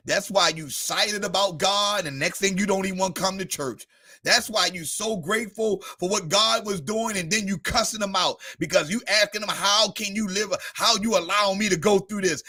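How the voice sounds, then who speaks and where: A man's voice: sits high, moderate pace, pushed and bright, husky. A man preaching a sermon, addressing the congregation by name with rising and falling volume. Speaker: pastor.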